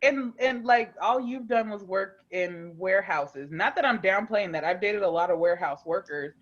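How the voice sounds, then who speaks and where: A woman's voice: medium pitch, normal speed. A woman co-hosting a podcast, telling a heated story in emphatic casual chat. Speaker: podcast co-host. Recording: dull lo-fi sound.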